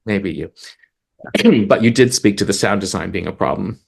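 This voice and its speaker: A man's voice: deep voice, moderate pace, creaky, breathy edge. A man co-hosting a chat about songwriting, eagerly explaining craft and reading lyrics aloud with rhythm. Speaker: podcast co-host, lyricist.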